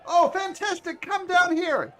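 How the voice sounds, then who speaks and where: A man's voice: extremely high pitch, unhurried, a bit bright, pitched above the performer's own voice. A man voicing a flamboyant circus ringmaster who announces in a grand showman manner. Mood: announcing. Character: flamboyant male circus ringmaster, showy and booming.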